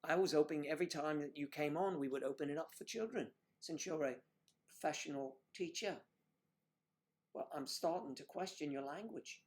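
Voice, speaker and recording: Fairly high-pitched and at a moderate pace, this middle-aged US livestream co-host chats casually through the comments, ribbing viewers by name with raunchy jokes.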